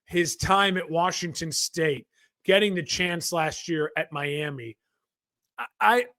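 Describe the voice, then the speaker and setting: A man with a fairly high voice chats animatedly on a sports podcast, jumping into little impressions and restarting his sentences. The sound is dry and close, with almost no room in it. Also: slow, no echo. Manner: animated, acts out quotes, restarts often. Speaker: podcast co-host. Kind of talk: casual sports chat.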